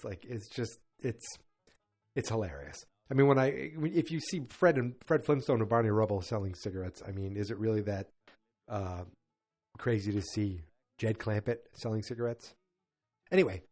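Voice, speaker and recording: Man, podcast host, casual recap, rambling, animated, middle pitch. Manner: rambling, animated retelling with quick quoted voices.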